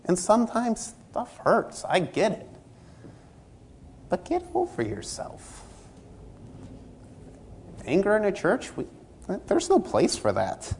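A man's voice: sits high, sing-song, measured pace, slight background noise. A man preaching a sermon in a conversational way, acting out little scenes and voices from everyday church life. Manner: conversational, acts out dialogue in anecdotes.

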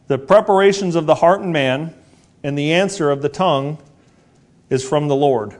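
A man in his forties with a fairly high pitch preaches an earnest, repetitive sermon. Rhetorical questions come often, and he slows down to emphasize key words.

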